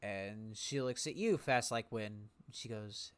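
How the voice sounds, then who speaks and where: A man narrating a tabletop game as game master in a slow, relaxed way with pauses. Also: lowish voice, clear, resonant tone.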